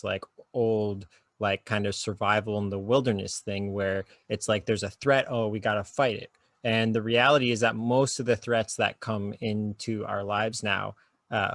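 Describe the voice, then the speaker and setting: Gravelly man guiding calmly. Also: on the low side, no room sound. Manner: slow soothing guided instructions. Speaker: guest therapist. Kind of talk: calm guiding conversation.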